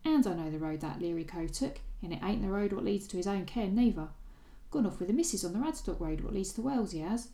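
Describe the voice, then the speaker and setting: A woman's voice: medium pitch, lively intonation, fast, hardly any pauses, warm tone, reverberant, close to an everyday voice. Woman doing a cheeky Cockney servant boy. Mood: sulky. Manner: thieves' cant, sulky and defensive. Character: scrappy young male servant boy, cheeky thief. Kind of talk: reading aloud from a novel.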